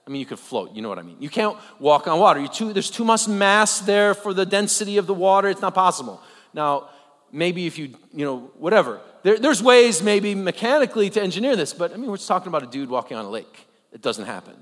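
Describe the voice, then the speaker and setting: Pastor, male, somewhat high-voiced; casual sermon full of asides and questions; reverberant hall recording. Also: fast. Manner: animated, with joking asides and rhetorical questions. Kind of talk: conversational sermon. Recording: long reverb of a large hall.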